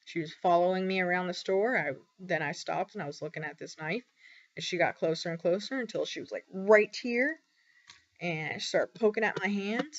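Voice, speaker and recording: A young woman talking candidly in a personal vlog, halting often with ums and pauses. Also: lowish voice. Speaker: vlogger. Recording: dull lo-fi recording.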